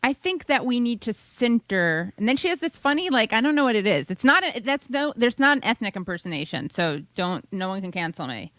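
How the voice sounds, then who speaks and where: A woman hosting a casual talk show, sardonic and quick with profane asides. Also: mid-range voice, lively intonation, pushed and bright, no room sound. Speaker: host. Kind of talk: casual chat.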